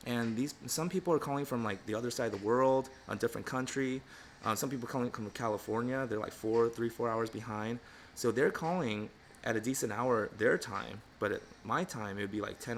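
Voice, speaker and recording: A man's voice: mid-range voice, fairly quick, a little hiss or hum. A middle-aged man talking candidly and reflectively in a casual livestream, with lots of "you know" fillers. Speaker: pet groomer and channel host.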